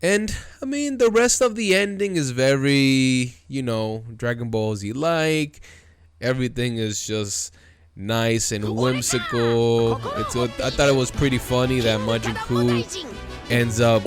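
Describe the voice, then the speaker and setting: A man hosting a casual anime commentary video, talking excitedly and loosely, calling viewers dude and bro. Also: mid-range voice. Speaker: video host.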